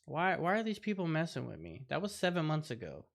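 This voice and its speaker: Lively, rambling male host. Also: on the high side, a little fast, vocal fry. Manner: rambling, reacts to clips aloud. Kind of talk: casual livestream chat.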